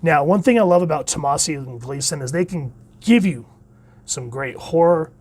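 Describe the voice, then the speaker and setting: In a relaxed solo comic review, this man eagerly voices the comic's dialogue, his words frequently fading softly at the ends of phrases. He speaks on the high side, animated, at a normal speed.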